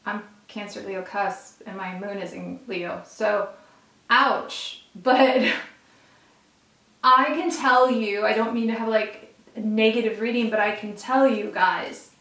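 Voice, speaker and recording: A woman's voice: fairly high pitch, a bit bright, distant mic. Earnest woman reading tarot in an echoey room. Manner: earnest, emphatic, talks straight to viewers. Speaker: tarot reader. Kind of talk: casual tarot reading to camera. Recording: roomy echo, a bit off-mic.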